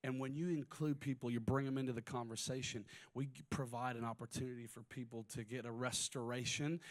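A man preaching a sermon, moving between quiet personal stories and loud, rising exhortation. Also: mid-range voice, steady tone, brisk, few pauses. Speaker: pastor.

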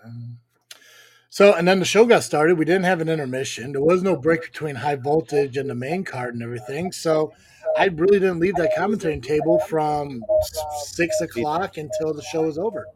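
A man hosts a loose live-stream chat about a wrestling show, his voice sitting a touch high. He jokes easily and keeps slipping into mock exasperation. The talk is relaxed and unscripted. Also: normal speed, husky. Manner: joking, exasperated, mutters "Jesus". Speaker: podcast host and wrestling commentator.

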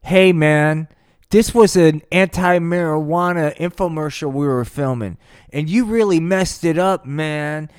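A man's voice: on the high side, clean tone, no room sound, studio quality. A man voicing an exasperated, complaining male film director in an improvised comedy story.

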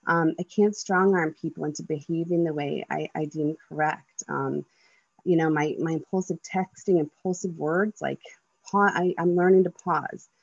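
A woman's voice: sits low, steady tone, normal speed, vocal fry, no echo, muffled recording. A woman in her thirties giving an earnest personal share at a twelve-step meeting, talking loosely with many ums, likes and restarts.

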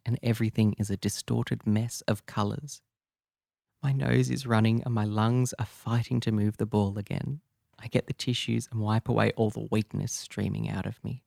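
Low gravelly man narrating. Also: dark tone, no room sound, studio quality. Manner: intimate, raw, confessional. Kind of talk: first-person audio drama narration.

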